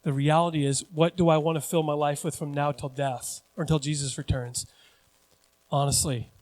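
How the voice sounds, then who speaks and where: A pastor in his forties preaching a sermon in a joking, conversational, animated way. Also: a little high, normal speed. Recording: long church hall reverb.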